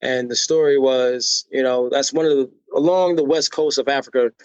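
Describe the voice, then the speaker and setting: Here an American podcast guest, speaking at medium pitch with a steady tone and normal speed, energetically recounts personal stories, voicing the people he quotes and frequently asking "right?" to pull the listener along. His tone is darkish, clear, and resonant, with no room sound, though the audio is dull.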